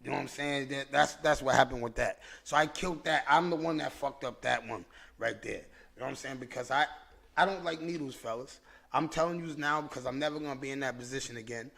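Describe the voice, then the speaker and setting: A man hosting a podcast, telling a story in a casual, animated, profane way, with frequent restarts and repeated words. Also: mid-range voice, fast, creaky. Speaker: podcast host.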